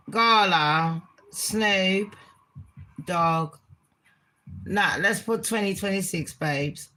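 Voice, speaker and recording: Unhurried, brash woman gossiping. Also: mid-range voice, bright, forceful tone. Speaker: gossip vlogger. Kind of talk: casual gossip monologue.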